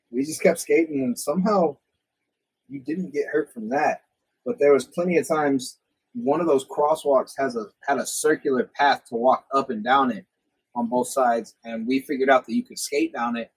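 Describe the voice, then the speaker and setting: A man's voice: medium pitch, animated, normal speed, slightly rough, rough recording. A young man hosting a podcast, telling rambling, profanity-laced stories from his youth in casual chat. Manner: swears a lot, rambling anecdotes. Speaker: podcast host.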